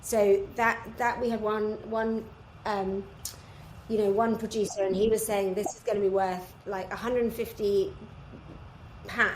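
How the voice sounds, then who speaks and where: A woman's voice: mid-range voice, slight background noise. A woman guest in a podcast conversation who talks thoughtfully and often restarts her sentences while she searches for words. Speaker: guest, beef supply chain business. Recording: echoey room.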